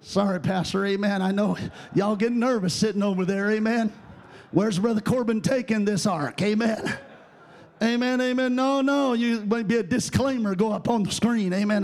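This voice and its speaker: High-voiced shouting male preacher. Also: normal speed. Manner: sing-song, shouting cadence with frequent "uh" and "amen"; calls for congregation response. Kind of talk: sermon.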